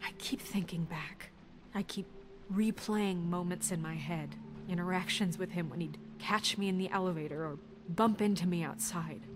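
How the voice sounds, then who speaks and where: A woman's voice: fairly low pitch, normal speed, lightly acted. An actress playing an earnest, insistent young woman deputy in a video game, over game music. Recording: game audio with music behind.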